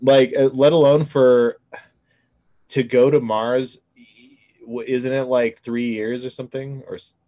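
A man's voice: mid-range voice, level tone, unhurried, mellow, dry recording. A man co-hosting a podcast, talking in a loose, rambling way and swearing freely. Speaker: podcast co-host. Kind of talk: casual chat.

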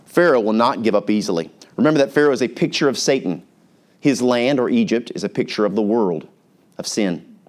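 A man's voice: fairly low pitch, darkish tone. A male pastor preaching a sermon in an earnest, conversational way, reading scripture aloud.

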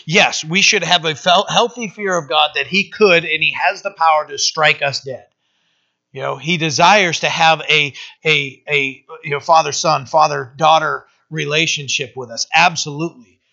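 A man preaching as a pastor in a casual verse-by-verse sermon, talking conversationally with many fillers and reading scripture slowly. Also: a little high, vocal fry, bright, forceful tone. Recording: dull lo-fi sound.

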